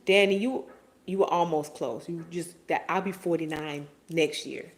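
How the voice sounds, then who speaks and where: A woman's voice: on the low side, moderate pace. A woman in her forties hosting a casual live stream, reading viewer comments and answering them in a playful, teasing and profane way. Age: 40s.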